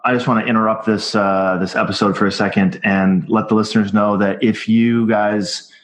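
A male podcast host from Minnesota, speaking in a lowish voice. He talks bluntly and candidly, with the occasional curse, in an easy conversational way. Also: flat delivery, moderate pace. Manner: blunt, candid, casually profane. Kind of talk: casual podcast chat.

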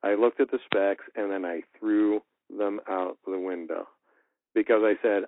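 Male voice actor, storytelling guest, slightly low voice, animated, dry phone-quality audio. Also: measured pace, no echo. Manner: animated, acts out quoted dialogue. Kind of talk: casual storytelling in an interview. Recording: tinny phone-like line, dry.

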